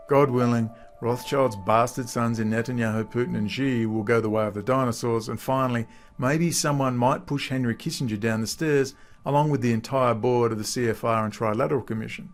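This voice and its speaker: A man giving political commentary, reading quotes aloud and laughing at them mockingly. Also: medium pitch. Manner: mocking, laughs at what he reads.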